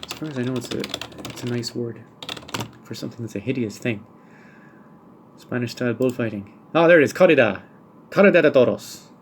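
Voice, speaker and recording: A man talks alone into the mic, working through listener questions in a dry, wry, wandering way. His pitch sits in the middle of the male range. A faint noise hums behind him. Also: brisk. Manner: dry, wry, musing asides. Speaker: podcast host. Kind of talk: solo podcast monologue answering listener questions.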